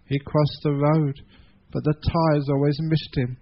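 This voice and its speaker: A monk with an English accent giving a sermon, telling a story in an animated way, swinging between loud and hushed passages. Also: male voice, fairly high pitch, unhurried, muffled recording. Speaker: monk giving a Dhamma talk. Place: meeting hall.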